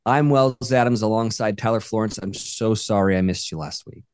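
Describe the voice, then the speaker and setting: A man's voice: lowish voice, moderate pace, a little mellow, clean tone, no echo, studio quality. A man co-hosting a podcast, chatting casually in an upbeat, joking way. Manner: upbeat, joking, enthusiastic storyteller. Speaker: podcast co-host. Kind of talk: casual chat.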